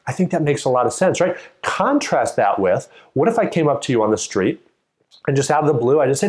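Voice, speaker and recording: A man's voice: medium pitch, big pitch swings, brisk, a little mellow. A man teaching a test-prep lesson in a casual, conversational way, acting out short imagined exchanges as he explains. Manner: conversational, acts out quoted exchanges. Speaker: GMAT tutor.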